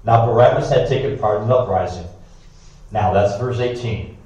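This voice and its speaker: A man reading scripture aloud with brief comments of his own, steady but with occasional stumbles and asides. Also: lowish voice, normal speed, lo-fi sound. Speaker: scripture reader. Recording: echoey room, distant mic.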